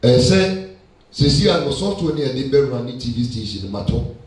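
A man's voice: mid-range voice, a little fast. A man with a Ghanaian accent preaching a sermon, mixing Twi and English. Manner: switches between Twi and English, animated preaching. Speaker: pastor. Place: church hall. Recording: echoey church hall from far off.

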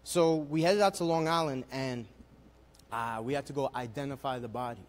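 A man's voice: mid-range voice, moderate pace, a little hiss or hum. A young man telling his personal testimony at a worship service, speaking with emotional, building storytelling. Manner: emotional storytelling, rising in intensity.

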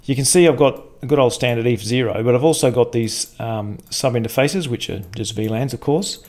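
A man's voice: medium pitch, brisk. Laid-back man explaining tech. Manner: relaxed and rambling, with frequent fillers and the odd swear. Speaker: tech channel host. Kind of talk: casual screen-share walkthrough. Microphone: desk microphone for the screen segment.

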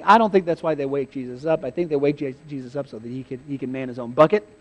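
High-voiced man preaching with playful energy. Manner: animated, humorous storytelling with frequent laughs; acts out biblical scenes with sudden shouted quotes. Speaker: pastor. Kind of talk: sermon.

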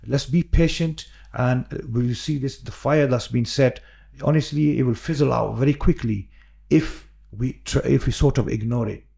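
Earnest gravelly man, dark tone. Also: medium pitch, normal speed. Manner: earnest, repeats words, many fillers and restarts. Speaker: podcast guest, imam. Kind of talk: casual podcast conversation.

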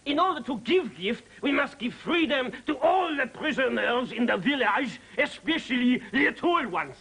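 A man's voice: very high-pitched, very animated, normal speed, vocal fry, fairly bright tone, breathy edge, heavily acted, low-quality recording. An actor playing an impostor man who fakes a hammy French accent and mangles French phrases. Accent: fake French. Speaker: sitcom character. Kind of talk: sitcom acting.

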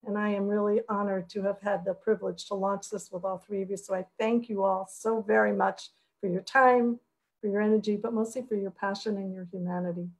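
A woman moderating a webcast panel over a video call, wrapping up with thanks and a measured, storytelling delivery. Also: mid-range voice, rough recording. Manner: warm storytelling, measured and grateful.

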